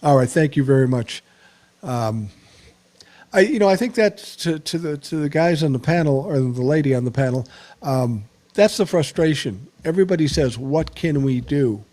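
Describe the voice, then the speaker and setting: Blunt, mellow-voiced older podcast host. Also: male voice, a little high, animated, normal speed. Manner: blunt, profane, plain-spoken. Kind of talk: casual live podcast talk.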